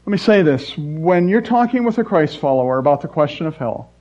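A man preaching a sermon as pastor, swinging between loud emphasis and soft, quiet asides. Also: on the high side, very animated, brisk. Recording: dull lo-fi recording.

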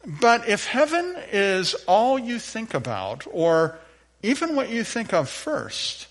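Playful preaching man, slightly high voice. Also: slow. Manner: playful, animated preaching with audience interplay. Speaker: pastor. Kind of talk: sermon. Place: church sanctuary.

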